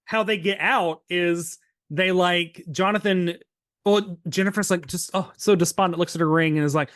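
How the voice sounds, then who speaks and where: High-voiced chatty man recapping a show. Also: moderate pace, dry recording, clean studio sound. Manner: animated, laughing, acts out quotes. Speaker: podcast co-host. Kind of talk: casual chat recapping a TV episode.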